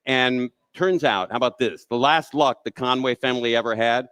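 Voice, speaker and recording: A man's voice: medium pitch, normal speed, a bit bright, clean tone, dry recording. A man hosting a talk show, chatting casually and telling his own stories with enthusiastic reactions. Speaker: host.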